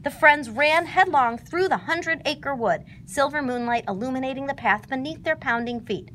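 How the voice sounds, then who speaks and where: A woman reading a children's storybook aloud, narrating in an expressive, animated way. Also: sits high, moderate pace, slight background noise.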